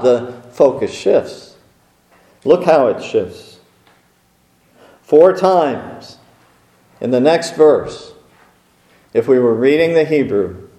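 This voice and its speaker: A man's voice: medium pitch, a little mellow. A man preaching a sermon in a conversational way, with rhetorical questions and wry asides. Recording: roomy echo.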